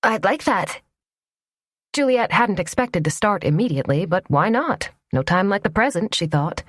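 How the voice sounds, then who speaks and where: A woman narrating a romance audiobook in a measured, even storytelling manner. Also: lowish voice, no room sound, studio quality. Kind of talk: scripted narration.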